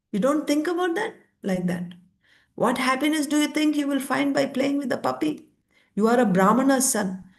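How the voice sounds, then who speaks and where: A woman's voice: high-pitched, pitched above the performer's own voice. A woman voicing an anxious mother scolding her toddler with pleading, reproachful questions in a storytelling lesson.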